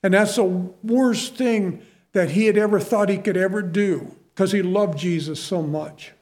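A man's voice: sits high, a little slow, a little mellow. A middle-aged man preaching a sermon in a conversational, self-deprecating way, full of asides to the listeners.

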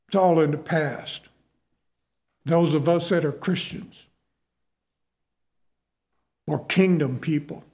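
A man preaching a sermon in an unhurried, folksy way, leaning on repetition to drive his points home. His voice sits notably high for a man, and he takes his time between phrases. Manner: folksy, repeats key phrases for emphasis. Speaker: pastor.

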